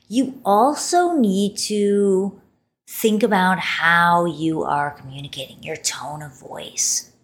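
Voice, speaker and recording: A woman hosting a solo podcast, talking expressively and playfully and drawing out words for emphasis. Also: low-pitched. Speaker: podcast host.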